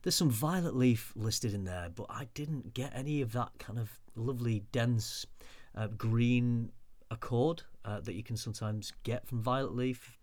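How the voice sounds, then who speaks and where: A man's voice: mid-range voice, a little slow, a little mellow, no room sound. A man co-hosting a podcast, chatting casually and teasing his co-host. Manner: bantering, teasing. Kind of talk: casual chat.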